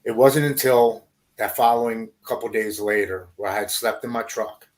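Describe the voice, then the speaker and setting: Low-voiced man telling a hard story. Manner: halting, repeats words, drops quiet at hard moments. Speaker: podcast guest. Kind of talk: personal recovery story.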